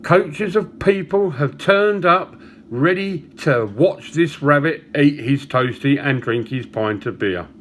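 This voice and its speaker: A man, chatting to camera and telling a joke, with small pauses and chuckles along the way. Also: fairly high pitch, a little hiss or hum. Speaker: vlogger.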